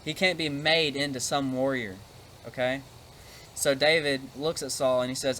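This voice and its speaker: A man's voice: medium pitch, steady tone, normal speed, fairly bright tone, slight background noise. Casual man retelling a Bible story. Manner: conversational, with frequent fillers; demonstrates a prop while talking.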